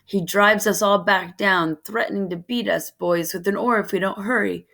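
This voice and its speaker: A woman reading a children's novel aloud in steady first-person narration. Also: medium pitch, normal speed, creaky. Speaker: reader of a novel.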